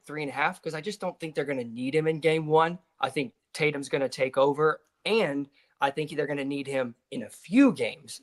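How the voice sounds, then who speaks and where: A man with a slightly raised pitch talks through a betting pick. He reasons aloud plainly and matter-of-factly. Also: fairly bright tone. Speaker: sports betting show co-host. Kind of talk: casual betting picks chat.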